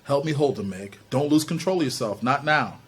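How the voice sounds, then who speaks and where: Male reader as steady, protective teen boy; blunt, husky. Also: medium pitch, brisk. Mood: urgent.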